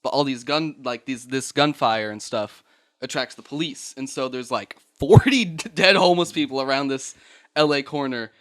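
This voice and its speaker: A man's voice: mid-range voice, moderate pace, a bit bright. A man hosting a podcast, telling a story casually, rambling and laughing, swearing and acting out voices. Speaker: podcast host.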